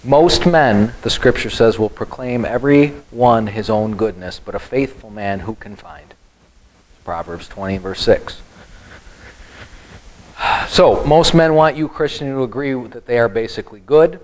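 A male pastor teaching a Bible study sermon in an animated style, joking with the congregation. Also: mid-range voice, measured pace, low-quality recording.

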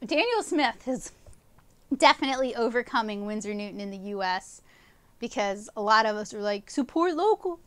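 A woman's voice: mid-range voice, moderate pace, fairly bright tone, clear, resonant tone, no echo. A woman comic artist chatting enthusiastically through a live watercolor painting tutorial, rambling with fillers as she loses her voice. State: losing her voice.

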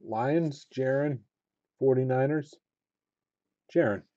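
A man hosting a live card break, opening packs and calling out what he pulls, muttering to himself between low asides and excited call-outs. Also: slow pace, dry recording, muffled recording.

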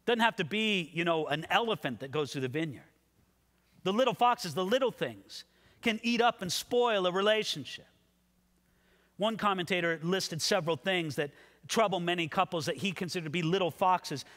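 A man preaching an expository sermon as a pastor, animated and acting out quoted voices. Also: sits high, normal speed. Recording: long hall reverb.

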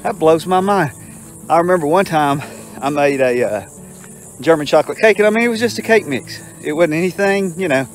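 A man's voice: a little high, animated, a little fast, faint music behind. Folksy older man rambling. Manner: rambling, folksy, self-amused, lots of filler. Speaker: vlogger. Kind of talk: casual storytelling while walking. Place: outdoors in a park.

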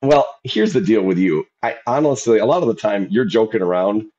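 Male podcast co-host, lowish voice, animated storyteller, muffled lo-fi audio. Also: fairly quick, a little hiss or hum. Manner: animated storytelling, acts out quoted shouting. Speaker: podcast co-host and youth football coach. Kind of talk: casual chat. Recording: dull lo-fi sound.

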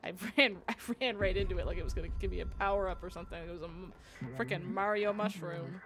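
A woman streaming a game live, chatting casually and reacting out loud with frequent laughs. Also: medium pitch, fast. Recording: music playing behind the voice.

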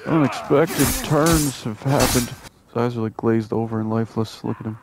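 A man giving casual, joking commentary while playing a video game, often breaking into excited exclamations. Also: medium pitch, moderate pace, noisy background. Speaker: gaming video host.

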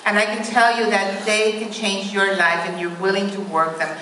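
A woman's voice: mid-range voice, level tone, moderate pace, sharp tone, a little hiss or hum. A woman minister giving a sermon, telling a joke and asking the congregation to call back answers. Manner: asks the congregation for responses. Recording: echoey hall from far off.

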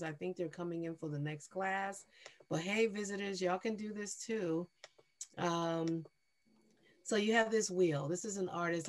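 A woman facilitating an online poetry workshop over a video call, affirming and conversational, quick to praise each reader. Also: sits low, a little mellow.

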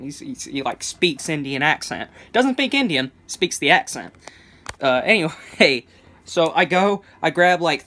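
A man's voice: on the high side, bright, forceful tone. A young man telling a casual storytime vlog, rambling with many restarts and stammers, chuckling between phrases. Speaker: vlogger.

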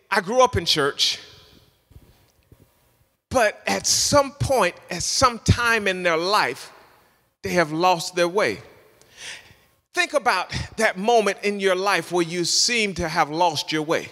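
A male pastor delivers an impassioned online sermon, sliding in and out of a sung preaching cadence. His voice sits very high and rings bright and forceful. A long reverb trails each phrase as in a big hall.

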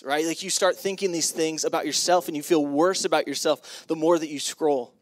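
A man's voice: fairly high pitch, fairly quick, hardly any pauses. A middle-aged man giving a casual, humorous sermon to graduating students on a school stage, acting out his own reactions. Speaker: keynote speaker.

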